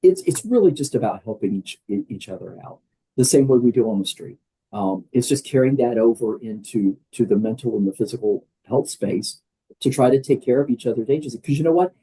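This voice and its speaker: An older man with a very dark, husky voice, talking in an emphatic and conversational way. He is a guest on a podcast interview and keeps slipping in fillers as he makes his points. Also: medium pitch, expressive, a little fast, rough recording. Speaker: guest, wellness program leader.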